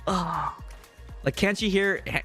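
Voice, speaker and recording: A man's voice: high-pitched, takes it slowly, bright, forceful tone, soft background music. A man in his thirties with a Mid-Atlantic American accent, casually rambling on a live game stream and answering viewer chat. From US Mid-Atlantic region.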